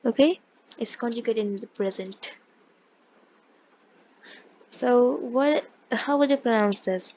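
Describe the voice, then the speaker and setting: Higher-voiced woman teaching a language lesson. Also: slow, a little mellow, highs cut off, a little hiss or hum. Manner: explains patiently, with frequent restarts and check-ins. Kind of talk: casual online lesson explaining pronunciation.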